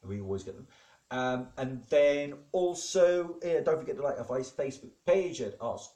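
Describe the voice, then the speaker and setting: Rambling deadpan man, echoey room. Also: mid-range voice, normal speed. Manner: rambling, hesitant, deadpan, many fillers. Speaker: comedic host playing God. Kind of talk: improvised comedy monologue.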